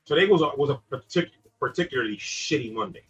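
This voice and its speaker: A man co-hosting a casual gaming podcast, wry and joking, his volume swinging between loud and soft. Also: mid-range voice, animated, fast, breathy edge. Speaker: podcast co-host, gaming specialist. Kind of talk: casual chat. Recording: dull lo-fi sound with faint music.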